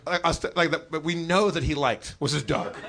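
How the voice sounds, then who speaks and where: A man's voice: on the high side, normal speed, fairly bright tone. Wry, pedantic storytelling man. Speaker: podcast regular. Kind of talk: casual comedic chat.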